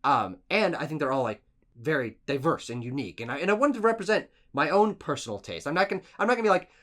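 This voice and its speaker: Man, podcast co-host: lively, bright, leans hard on his emphasis. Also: on the high side, quick pace. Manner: emphatic, animated list-giving with restarts. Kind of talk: casual podcast chat.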